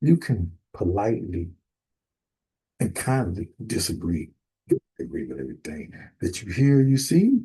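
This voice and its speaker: A man ministering in a sermon, emphatic and building to sudden forceful bursts. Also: lowish voice, huge pitch swings, measured pace, slightly rough, rough recording. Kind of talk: preaching sermon.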